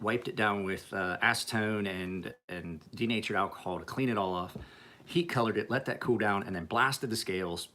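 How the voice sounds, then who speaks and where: A man's voice: on the low side, sharp tone. A man who sharpens and refinishes knives, chatting casually and profanely with viewers on a livestream. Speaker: knife sharpener.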